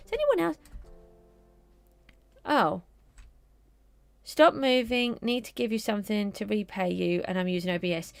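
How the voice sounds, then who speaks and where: A woman's voice: mid-range voice, vocal fry. A middle-aged woman streamer chatting casually to viewers while she plays a game. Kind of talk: casual live gameplay commentary.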